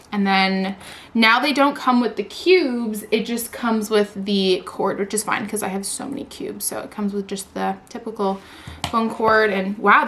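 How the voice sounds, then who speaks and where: A woman in her twenties unboxing a new phone in a vlog, gushing and squealing with excitement, saying "like" and "oh my god" constantly. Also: medium pitch. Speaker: vlogger.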